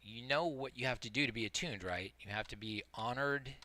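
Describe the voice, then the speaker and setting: At medium pitch and a brisk clip, a middle-aged man streams multiboxing gameplay, his voice pushed and bright. He wanders casually from point to point, breaking down tactics while playing and teasing himself.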